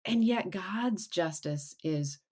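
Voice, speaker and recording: A middle-aged woman with a fairly low voice talks through scripture in a relaxed, conversational way. She slows down and drops her volume on the points she wants to sink in. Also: slightly rough. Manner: acts out quoted voices with big pitch jumps. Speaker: podcast co-host. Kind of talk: casual devotional chat.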